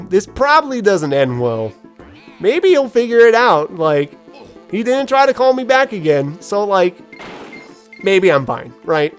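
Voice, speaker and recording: Woman, gaming commentary, casual storytelling, self-deprecating, laughing, very lively intonation, faint background music. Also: fairly low pitch. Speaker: gaming video host. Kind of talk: casual let's play commentary.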